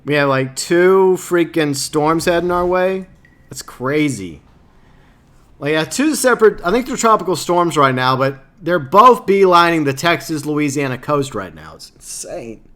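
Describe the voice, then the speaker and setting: A man's voice: on the high side, lively intonation, unhurried, pushed and bright. Chatty man rambling to stream chat. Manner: rambling, stumbling over words, self-mocking. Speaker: live game streamer. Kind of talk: casual chat with viewers while gaming. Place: home streaming setup, Louisiana.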